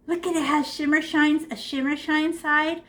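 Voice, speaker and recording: A bright-voiced woman leads a children's painting class over a video call from her room at home. She sits high in her register and keeps up a lively, encouraging patter meant for young kids. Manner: animated, encouraging, talks to kids. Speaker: art teacher. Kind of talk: online art class for children.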